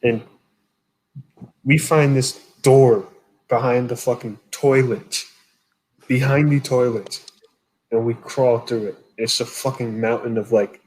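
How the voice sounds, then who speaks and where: Hombre joven contando sueños, malhablado. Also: male voice, mid-range voice, steady tone, takes it slowly, pauses often, darkish tone, a little hiss or hum, low-quality recording. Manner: rambling, profane storytelling. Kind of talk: casual chat.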